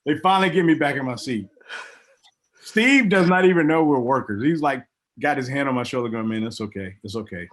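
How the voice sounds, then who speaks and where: A middle-aged former wrestler, a man, telling stories in a casual interview, acting out other people's lines with big jumps in his voice. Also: a little fast. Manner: animated storyteller, acts out quotes with big pitch jumps. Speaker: guest, former pro wrestler.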